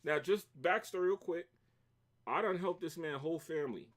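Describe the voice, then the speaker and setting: A man's voice: on the high side, normal speed. Brief: middle-aged Brooklyn guy, stream host, casual storyteller, raises his voice when he relives the fight. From New York. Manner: animated, acts out both sides of arguments, shouts when reliving anger. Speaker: livestream host.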